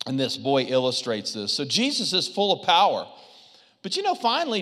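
A man preaching a sermon as pastor, telling stories with humor in an animated, conversational way. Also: on the high side, moderate pace, big-room sound. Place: church sanctuary.

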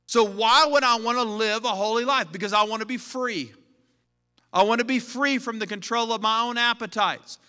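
Middle-aged pastor guy preaching, high voice, long hall echo. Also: normal speed, pushed and bright. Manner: conversational preaching with storytelling. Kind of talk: sermon. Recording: hall reverb.

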